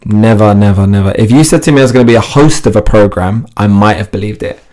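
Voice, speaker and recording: This is a man with a somewhat low voice, talking casually as a guest on a podcast. He tells stories in an animated way, often laughing and restarting his sentences as he goes. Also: quick pace. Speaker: podcast guest, fitness TV host. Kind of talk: casual interview chat.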